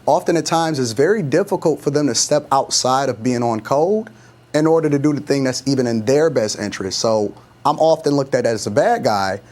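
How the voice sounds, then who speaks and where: A man's voice: mid-range voice, fairly quick, darkish tone. A man speaking as a guest on a television panel in an earnest, emphatic way.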